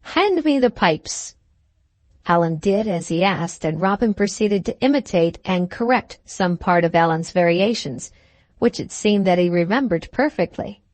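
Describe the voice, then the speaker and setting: A woman narrating an adventure novel audiobook in a steady, measured reading. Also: fairly low pitch, dry recording.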